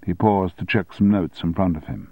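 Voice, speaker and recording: A man narrating an audiobook in a measured, expressive storytelling manner. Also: deep voice, dry recording. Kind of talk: scripted narration. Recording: dry, tinny phone-like sound.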